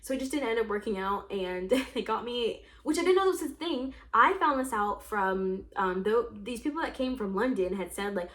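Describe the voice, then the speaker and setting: A woman's voice: a little high, expressive, normal speed, hardly any pauses, fairly bright tone. A young woman chatting casually as a podcast host, telling personal stories in a gushing, emotional way full of "like". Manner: gushing, emotional, filler-heavy with lots of "like". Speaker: podcast host and escape room game master. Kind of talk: casual storytelling chat.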